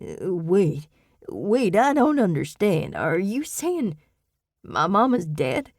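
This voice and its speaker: A woman reading an audiobook voices a panicked, intoxicated grown man who shouts and slurs his words. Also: medium pitch, big pitch swings, slow pace, dry recording, clean studio sound, heavily acted. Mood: bewildered. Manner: frantic, shouting and slurring.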